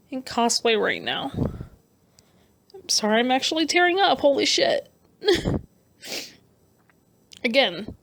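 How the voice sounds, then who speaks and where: Woman with a gravelly vocal fry. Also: on the high side, slight background noise. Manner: earnest, halting and emotional, with frequent restarts. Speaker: artist vlogger. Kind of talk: personal rant over a speed paint.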